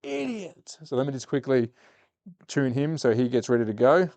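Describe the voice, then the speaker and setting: A man's voice: mid-range voice, brisk, dry recording. A man with an Australian accent hosting a live slot car stream, chatting casually with viewers and calling the race. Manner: casual, talks to chat, turns excited calling the race. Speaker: slot car livestream host.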